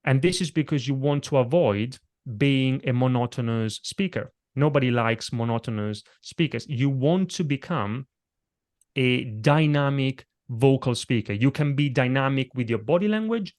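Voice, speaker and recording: A man's voice: mid-range voice, normal speed, darkish tone. A middle-aged man, a presentation coach, explaining delivery techniques in a conversational podcast interview. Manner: explanatory, demonstrates vocal techniques as he talks.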